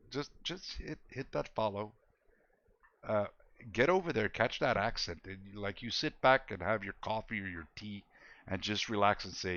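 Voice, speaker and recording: A man's voice: on the low side, a bit bright, dull audio. A man streaming a video game, chatting casually with viewers in a laid-back, joking way and laughing often. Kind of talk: casual gameplay chat with viewers.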